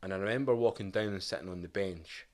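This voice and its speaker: Scottish male guest, thirties, low-pitched, frank reflective storyteller. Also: quick pace, darkish tone. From Scotland. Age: 30s. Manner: candid, reflective, quotes his past self and family. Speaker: podcast guest. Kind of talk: casual storytelling interview.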